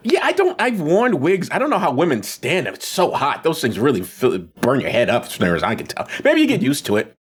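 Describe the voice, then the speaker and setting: A man's voice: a little high, wildly swooping pitch, fairly quick, few pauses, breathy edge. A man hosting a podcast in casual, playful chat, laughing easily. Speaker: podcast host.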